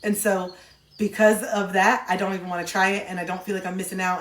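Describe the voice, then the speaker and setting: A woman hosting a casual livestream chat, playful and animated, now and then breaking into silly sound bits. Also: medium pitch, quick pace. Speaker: livestream host talking to chat. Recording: echoey room.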